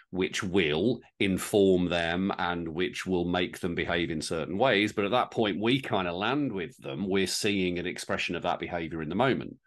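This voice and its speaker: A low-voiced man co-hosts a casual podcast conversation. He thinks aloud, circles back on his words and drops wry asides as he goes. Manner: reflective, rambling, with restarts and wry asides. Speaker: podcast co-host. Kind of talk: casual chat.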